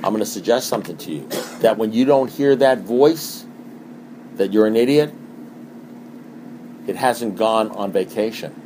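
A middle-aged man speaks to a recovery meeting in a folksy, animated way. He keeps circling back with rhetorical questions and repeated phrases. His voice sits in an ordinary middle pitch. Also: slight background noise.

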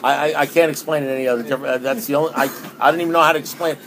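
A man's voice: medium pitch, fairly even intonation, very fast, crowd noise. Rambling man sharing his recovery story. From New York. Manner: rambling and conversational, with many restarts. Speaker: speaker at a recovery meeting. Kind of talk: personal testimony to a group.

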